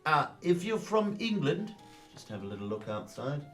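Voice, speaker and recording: A man's voice: a little high, very animated, moderate pace, faint music behind. A man hosting an improvised comedy radio sketch, rambling absurdly with stammering restarts.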